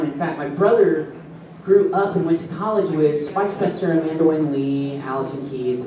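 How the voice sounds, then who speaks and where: Middle-aged man telling stories in an echoey hall. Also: a little high. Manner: animated, laughs often, acts out quoted voices. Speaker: voice actor, convention panel guest. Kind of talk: convention panel storytelling. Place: convention panel room. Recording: echoey hall, distant mic, audible noise.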